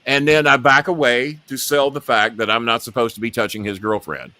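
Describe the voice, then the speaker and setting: A man's voice: mid-range voice, a little fast, bright, forceful tone, no room sound. A middle-aged man hosting a talk show, telling a long story and acting out the quotes in it.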